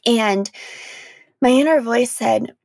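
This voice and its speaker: A young adult woman hosting her own podcast, talking through her feelings in a candid, emotional monologue with frequent "like"s and soft laughs. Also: fairly high pitch, takes it slowly, no echo. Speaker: podcast host. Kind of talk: reflective solo podcast monologue.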